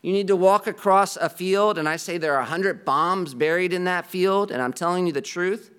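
A pastor preaches earnestly and conversationally to his congregation, slipping in a self-deprecating aside. His voice is high-pitched, smooth, and fairly bright, delivered at a moderate pace.

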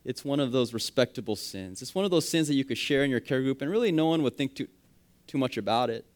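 A man preaching a sermon, with emphatic rising phrases that drop quietly at the ends of points. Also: medium pitch, lively intonation, fast talker. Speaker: pastor.

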